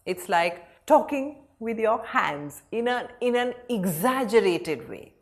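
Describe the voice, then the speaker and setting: A young woman teaching vocabulary in a lively, animated way. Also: a little high, slow pace. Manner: lively, animated explaining with hand gestures. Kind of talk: vocabulary lesson.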